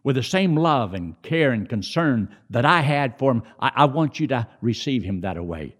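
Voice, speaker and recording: A middle-aged man preaching a sermon in a conversational way, rising high on emphasis and dropping low between. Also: lively intonation, normal speed, a bit bright.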